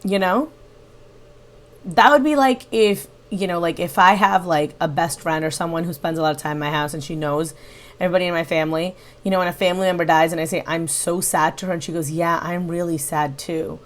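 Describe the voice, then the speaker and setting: A woman with a slightly low voice gives reaction commentary on a livestream. She builds her critique point by point in an analytical tone. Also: a little fast. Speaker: reaction channel host.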